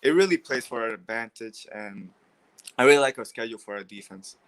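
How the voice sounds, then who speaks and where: A male caller talks eagerly as a fan on a call-in show. His voice is bright and a little tense. It sits at an ordinary pitch for a man. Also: lively intonation, brisk, rough recording. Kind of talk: casual call-in chat.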